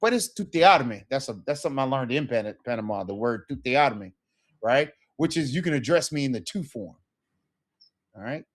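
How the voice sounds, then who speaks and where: A man's voice: medium pitch, normal speed. A man teaching a casual Spanish lesson, talking loosely and checking in with "right?" as he acts out sample phrases.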